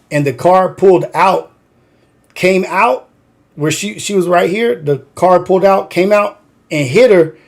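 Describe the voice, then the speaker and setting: A man with a somewhat high voice tells a story on his livestream. He rambles and swears freely, and a "like" turns up in almost every sentence. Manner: rambling, profane, heavy use of "like". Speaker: livestream host.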